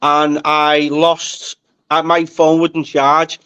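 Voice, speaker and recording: A man's voice: on the high side, drawn-out words, smooth. A man in his forties with a Liverpool accent, a guest telling stories animatedly in a casual chat and often checking that he is being followed. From Liverpool, England. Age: 40s. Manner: animated storyteller, checks in with "do you know what I mean". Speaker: guest actor.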